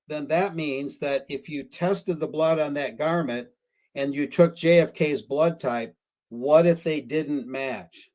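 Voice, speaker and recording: A man's voice: on the high side, steady tone, unhurried, darkish tone. A man talking as a guest researcher on a live-streamed radio interview, rambling and hesitant, correcting himself often with fillers.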